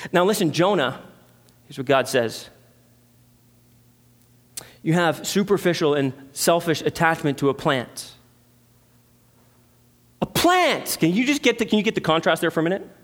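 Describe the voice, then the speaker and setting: Guy preaching in church, pretty high voice, punchy repeated lines and questions to the crowd. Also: lively intonation, normal speed, long pauses. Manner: emphatic, rhetorical questions, repeated phrases. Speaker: pastor. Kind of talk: sermon.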